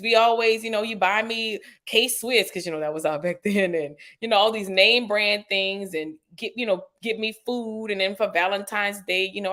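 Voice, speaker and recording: A woman, a podcast guest telling a personal story in a lively way, acting out quotes with sudden jumps in pitch and using lots of "you know" and "like". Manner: animated retelling, acts out quotes with sharp pitch jumps; frequent "you know" and "like" fillers.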